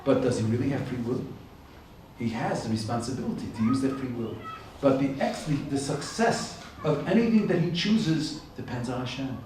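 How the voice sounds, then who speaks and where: A man's voice: medium pitch, moderate pace, a little mellow, a little hiss or hum. A man giving a Torah lecture at a yeshiva, explaining each Hebrew term in English, repeating his phrases and building to emphatic points. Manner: rises to emphatic peaks on key points. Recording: very echoey room, distant mic.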